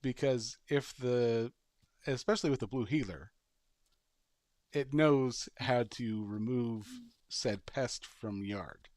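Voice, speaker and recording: A podcast co-host talks in a loose, rambling way, stopping to restart his thoughts and adding silly sound effects as he tells a story. His voice sits at an ordinary middle pitch. It is recorded close and dry, with no room sound. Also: slow pace, darkish tone, no echo. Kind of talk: casual chat.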